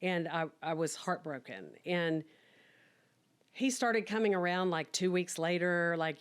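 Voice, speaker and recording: A woman's voice: fairly low pitch, unhurried, clear, resonant tone. A middle-aged woman frankly telling her personal story in a chatty, candid way, acting out bits of dialogue. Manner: frank and chatty, acts out quoted dialogue with laughs. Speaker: podcast guest telling her life story.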